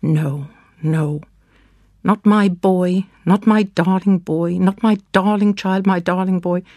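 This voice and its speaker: A grief-stricken mother in her bed, shrill and pleading, her words tumbling out faster as she accuses and then breaks down, as a storybook reader puts her on. The voice carries a gravelly rasp. It sits dry and close, with no room around it. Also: a little mellow, dry recording. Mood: anguished. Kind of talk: dramatic storybook reading.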